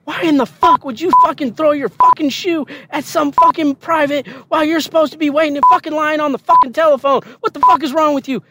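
A man voicing a short, furious woman drill sergeant who yells orders laced with profanity. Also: very high voice, fairly even intonation, a little fast, few pauses, very noisy, voice pushed up. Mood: furious yelling. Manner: yelling nonstop profanity.

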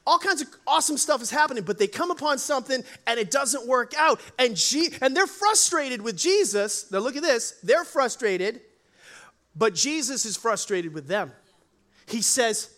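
Bright high-voiced animated preacher man. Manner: animated, acts out Bible voices. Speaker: pastor. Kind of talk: sermon.

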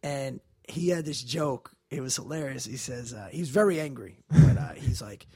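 A man, a comedian, telling animated stories in casual chat and acting out the people in them. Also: mid-range voice, moderate pace, hardly any pauses, slightly rough. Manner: animated, acts out voices in anecdotes.

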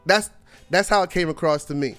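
A man in his forties, voice sitting a bit high for a man, tells a story on his podcast. He acts out the other people's lines with lively swings and laughs a lot along the way. Soft music plays faintly underneath. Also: brisk. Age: 40s. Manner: animated, acts out quoted dialogue, laughs often. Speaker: podcast host. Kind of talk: casual storytelling monologue.

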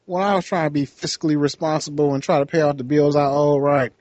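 A man's voice: a little high, fairly even intonation, fast, darkish tone, dry recording. A man co-hosting a casual podcast, telling a laid-back story full of quoted dialogue and laughing at his own tale. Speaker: podcast co-host.

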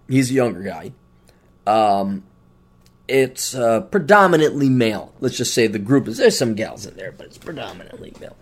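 Lively ranting male podcast host. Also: high-pitched. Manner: rants with mocking put-on quotes; loud and exclaiming when worked up. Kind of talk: crude comedic monologue.

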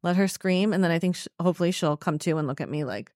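A woman in her thirties co-hosting a casual podcast chat, telling stories quickly and with laughter. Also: lowish voice, dry recording, studio quality. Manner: quick, animated storytelling with laughs. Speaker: podcast co-host.

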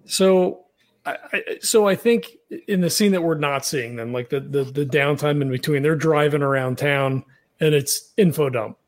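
A man's voice: a little high, moderate pace. Rambling man playing a tabletop game. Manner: rambling, many fillers. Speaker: player. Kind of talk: casual tabletop game play.

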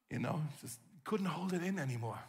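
A man preaching a sermon as pastor, telling the story vividly and acting out scenes with gasps and shouts. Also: a little high, vocal fry, husky. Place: church hall. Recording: long reverb from a church hall.

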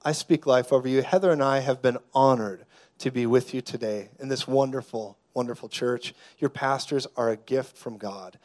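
A man preaching a sermon as a guest preacher, declaring loudly at times and then dropping to a hushed, intense tone, with jokes along the way. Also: mid-range voice, fairly even intonation, moderate pace. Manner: jokey, laughs mid-sentence.

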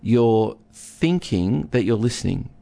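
A man with a low, gravelly voice talks slowly and unhurriedly. He counsels couples and explains listening through a homely story, acting out the husband and the wife as he goes. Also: expressive, mellow. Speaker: relationship counsellor. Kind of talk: casual teaching talk with a co-host.

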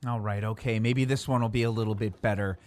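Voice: medium pitch, steady tone, fast, a little mellow, slight background noise. A performer reading old childhood writings aloud as comedy, wry and self-mocking. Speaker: comic reader of childhood writings. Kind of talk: comic reading.

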